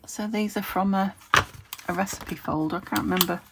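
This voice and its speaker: A woman's voice: medium pitch, steady tone, normal speed, creaky, heavy background noise. A woman from the UK chatting casually to camera as she makes a craft, meandering and talking to herself as she works. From United Kingdom. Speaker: crafting video host.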